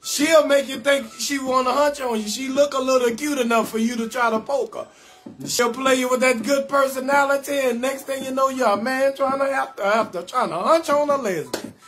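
High-voiced New man hyping viewers. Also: steady tone, moderate pace. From New Orleans. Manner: loud, playful, rambling, shouts out viewers with sing-song lilts. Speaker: comedian hosting a live call-in show. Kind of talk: casual live-stream banter. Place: in bed at home.

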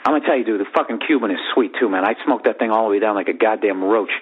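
A man's voice: on the low side, racing. Profane man telling a story over a thin line. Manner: profane, rambling and animated. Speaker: podcast host. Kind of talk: comic storytelling. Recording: narrow phone-like sound.

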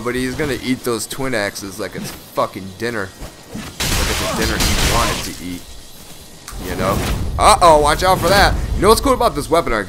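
A man commentating his online matches in a loose, profane, joking way. His pitch swings widely, and he jumps from mumbled asides to excited shouts. Loud music plays behind him the whole time. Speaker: gameplay commentator. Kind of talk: casual gameplay commentary.

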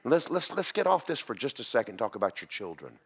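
A man teaching a church class, preaching in a folksy, animated storytelling way. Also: medium pitch, quick pace, slightly rough. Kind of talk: sermon.

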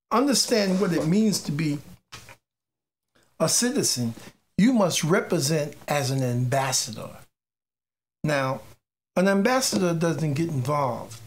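Slow talking preacher type, hammers the same lines over and over, trips on words sometimes. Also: mid-range voice. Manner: emphatic, repeats key phrases, stumbles on words; personal testimony mixed with exhortation. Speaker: faith teacher. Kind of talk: informal preaching monologue.

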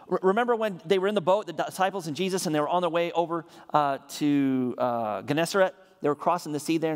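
Pastor guy preaching hard, kinda high voice, repeats his lines, trips over words, big church echo. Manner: energetic preaching with emphatic repeated refrains; frequent stammered restarts. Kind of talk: sermon. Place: church sanctuary. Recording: reverberant church hall.

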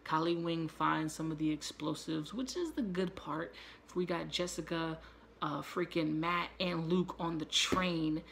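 A man hosting his own channel, giving a loose, profane and excitable spoiler recap with quick asides. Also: fairly high pitch, gravelly, slight background noise. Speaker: YouTube show reviewer.

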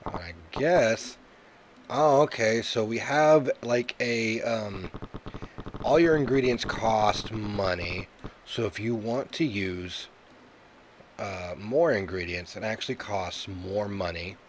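A man's voice: on the low side, slow pace, background noise. A man hosting a casual let's-play commentary of a video game, chatty and joking, with lots of "uh" fillers. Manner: jokey, chatty, many "uh" fillers. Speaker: gaming YouTuber.

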